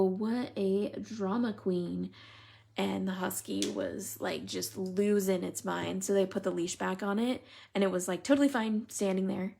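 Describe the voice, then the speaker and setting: Gravelly, husky-voiced chatty woman. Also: medium pitch, a little mellow. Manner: chatty, giggly storyteller, replying to viewers by name. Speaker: live stream host. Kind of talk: casual live-stream chat while coloring.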